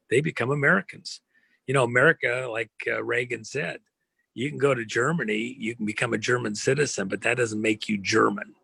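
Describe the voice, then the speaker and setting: A man's voice: on the low side, creaky, bright, forceful tone, husky, no room sound. A man giving an impassioned interview, speaking emphatically with rhetorical questions and a preachy tone. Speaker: interview guest.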